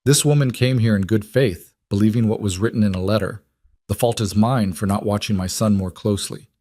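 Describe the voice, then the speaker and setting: A man's voice: lowish voice, a little fast, a little mellow, no room sound, close to an everyday voice. A man voicing a stern, protective rancher father who speaks firmly and tersely in an audiobook. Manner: firm, terse. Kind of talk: audiobook character voice.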